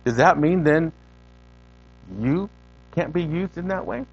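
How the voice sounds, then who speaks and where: A man preaching a sermon as a guest preacher in a church, animated and conversational, repeating words for emphasis and talking straight to the congregation. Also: a little high, takes it slowly, highs cut off.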